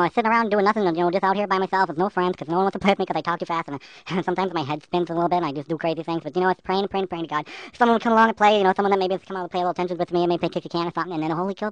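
A woman voicing a hyper, lonely child who talks too fast and gets giddy and taunting in a comedic character voice. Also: on the low side, highs cut off, natural voice. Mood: giddy excited.

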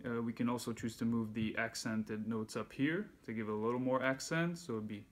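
A man giving a casual music lesson, counting beats aloud in a relaxed way as he demonstrates. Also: mid-range voice, brisk. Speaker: music teacher. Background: handpan playing.

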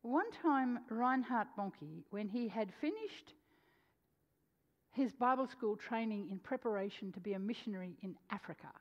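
A woman preacher telling a story in a sermon, animated, swinging between loud and hushed delivery. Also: on the high side, moderate pace. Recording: dull lo-fi sound with long hall reverb.

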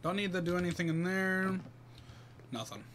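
A man's voice: sits high, normal speed, fairly bright tone, a little hiss or hum. A man streaming a game, chatting casually, thinking aloud and greeting viewers by name. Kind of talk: casual live-stream commentary.

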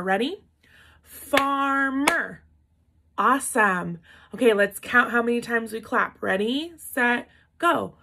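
A woman's voice: on the high side, a bit bright. A woman teacher giving a lesson to young children, patient and encouraging, sounding out words syllable by syllable.

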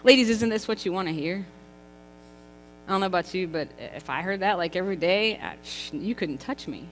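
A woman's voice: lowish voice, brisk, a little hiss or hum. A woman in her thirties preaching a contemporary church sermon, chatty and emphatic, often asking the congregation rhetorical questions. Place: church sanctuary. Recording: reverberant church hall with faint music.

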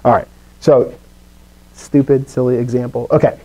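A man teaching a Greek class to students in a classroom, animated, with pitch swings and playful asides. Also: moderate pace, low-quality recording. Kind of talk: live classroom lecture.

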